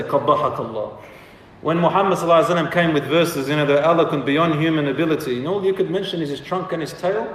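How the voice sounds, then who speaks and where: A man tells a religious history story to an audience, voicing each side of the exchanges as he goes. His voice sits a little higher than most men's and carries a long, ringing echo. He is heard from far off the mic across a big hall. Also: a little hiss or hum. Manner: animated, acts out quoted exchanges. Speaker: lecturer.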